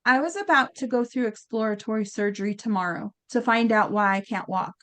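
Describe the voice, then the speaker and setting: A woman's voice: on the high side, brisk. A woman telling a story in a casual chat, acting out quotes with lots of fillers. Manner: animated, acts out quotes, many fillers. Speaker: guest healer.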